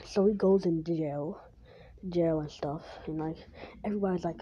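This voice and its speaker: A woman rambles through a made-up story, filling it with "like" and starting over mid-sentence. Her voice is fairly low and mellow. The recording is dull and lo-fi, with a faint hiss behind her. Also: moderate pace. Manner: rambling, full of "like" and restarts.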